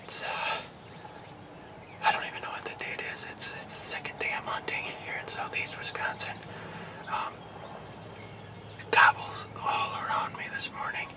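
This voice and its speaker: Guy whispering hushed and excited in a hunting blind, a bit off mic. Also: normal speed, pauses often, recorded from a distance. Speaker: hunting show host. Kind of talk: whispered field commentary.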